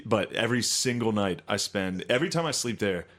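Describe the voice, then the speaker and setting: Low-voiced teasing man. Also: expressive, a little fast, fairly bright tone. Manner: teasing, profane ribbing. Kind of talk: casual podcast chat.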